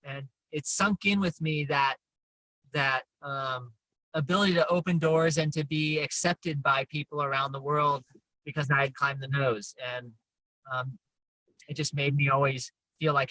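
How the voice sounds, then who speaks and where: A man's voice: medium pitch, fairly even intonation, normal speed, bright, forceful tone, no echo, poor audio. A man in his fifties chatting casually as an interview guest, telling stories in a chatty, self-deprecating way. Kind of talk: casual chat.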